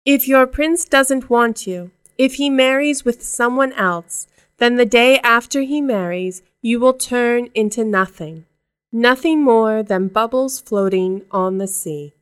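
A woman voicing an old sea witch, slow and sly. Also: a little high, smooth, no room sound, studio quality, natural voice.

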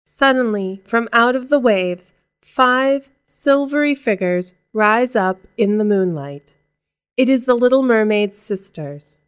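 A woman narrating a storybook aloud in a calm, measured way. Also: on the high side, clear, resonant tone.

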